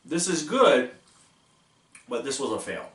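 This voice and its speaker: A man's voice: medium pitch, very animated, unhurried, a bit bright. A man hosting a casual food-tasting vlog, goofy and self-mocking as he jokes about snacks. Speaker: vlog host. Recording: echoey room from far off.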